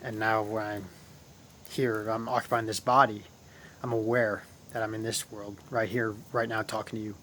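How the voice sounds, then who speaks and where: A man's voice: lowish voice, little pitch movement, moderate pace, a bit bright, a little hiss or hum. A man hosting his own channel, talking casually and at length about spiritual ideas, often repeating himself and calling his viewers guys. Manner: rambling, repeats phrases, addresses viewers as guys.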